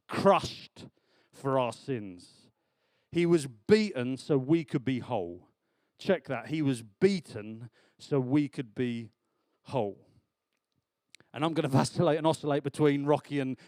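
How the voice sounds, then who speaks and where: A man preaching a sermon in church, chatty and animated, laughing often. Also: on the high side, no room sound.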